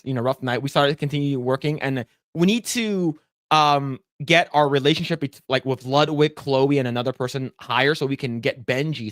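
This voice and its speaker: A man co-hosting a podcast chats casually, telling a wandering gaming story loaded with fillers and frequent laughs. His mid-range voice has a fairly bright tone, captured at studio quality with no echo.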